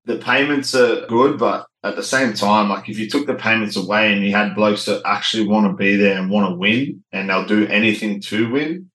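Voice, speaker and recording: A man's voice: fairly low pitch, normal speed, hardly any pauses, a bit bright, reverberant, low-quality recording. A man in his thirties with an Australian accent, a former rugby league player talking casually as an interview guest, laid-back, with lots of "like" and "you know".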